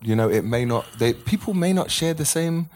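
A man's voice: a little high, animated, moderate pace, darkish tone, slight background noise. Laid-back man in casual chat.

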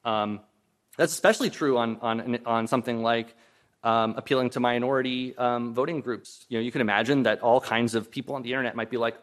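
A guest lecturer in a lecture hall gives a public lecture and answers audience questions, thoughtful and hedging, with many restarts and "um"s. His medium-pitched, fairly bright voice is fast and fairly even in intonation, and it briefly sounds strained.

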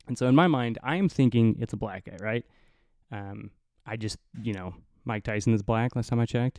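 Low, mellow-voiced man telling a story. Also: smooth, dry recording, studio quality. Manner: rambling, profane, laughing asides. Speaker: podcast host. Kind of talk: casual storytelling.

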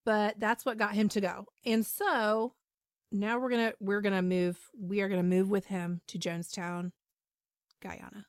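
A woman's voice: medium pitch, little pitch movement, normal speed, no echo, clean studio sound. A woman podcast host retelling a story in casual, chatty talk with frequent ums and asides.

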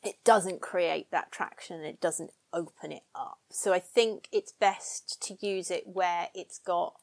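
A woman guest on a podcast interview, talking in a lively way and thinking aloud with restarts. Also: on the low side, takes it slowly, creaky, dry recording. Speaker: guest scholar.

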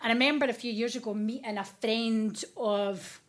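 A woman's voice: on the high side, fairly even intonation, normal speed. A woman with a Scottish accent, a podcast guest chatting casually and bluntly, with lots of swearing and slang. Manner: frank and sweary, with broad local slang. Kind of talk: casual chat.

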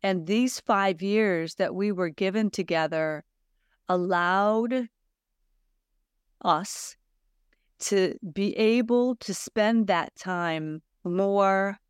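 Very slow and smooth, a middle-aged Swedish podcast host in a mid-range voice muses earnestly in a solo monologue, asking her listeners one rhetorical question after another. The recording is dry and clean, studio quality.

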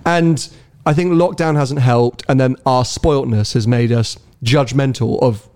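On a laid-back car podcast, a male co-host chats in a mellow, mid-range voice, speaking a little slowly. He drifts into mild rambling and stammers as he often restarts his sentences.

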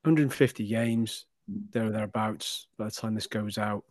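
A man hosting a fan podcast, asking long, halting questions with many restarts. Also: lowish voice, steady tone, no echo, clean studio sound. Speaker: podcast host. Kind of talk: casual podcast interview.

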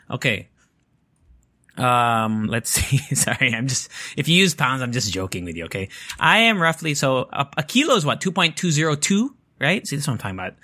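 A man's voice: fairly high pitch, pushed and bright. A man chatting casually to viewers at home, rambling and joking, swearing freely and smoking as he talks. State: smoking while talking. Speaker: vlogger.

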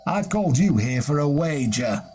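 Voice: mid-range voice, lively intonation, moderate pace, a little mellow, soft background music, lightly acted. A storyteller speaking as an old village schoolmaster, earnest and plain in the way he talks.

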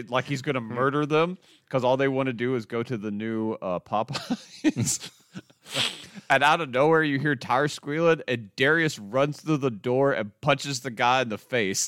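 A man hosting a podcast, excitedly recapping TV episodes in a rambling, swear-filled casual chat. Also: mid-range voice, normal speed, clear, resonant tone, dry recording, clean studio sound. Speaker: podcast host.

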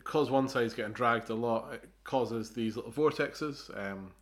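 A man's voice: mid-range voice, measured pace, a bit bright. A man co-hosting a podcast, explaining things in a casual, hesitant way with many fillers and restarts. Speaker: podcast co-host. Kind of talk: casual chat.

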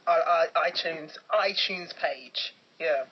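Woman co-host, breathy voice, giggles and teases, muffled lo-fi audio. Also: deep voice, slow. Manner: giggly, teasing. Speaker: podcast co-host. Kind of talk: casual chat. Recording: dull lo-fi podcast recording.

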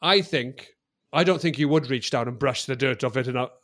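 A man's voice: medium pitch, fairly quick, fairly bright tone. A man co-hosting a comedy podcast, chatting casually, teasing the others and laughing often. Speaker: podcast co-host.

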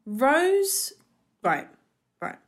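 A woman co-hosting a podcast, chatting in an animated way and often repeating words. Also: sits high, drawn-out words. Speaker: podcast co-host. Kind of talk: casual chat.

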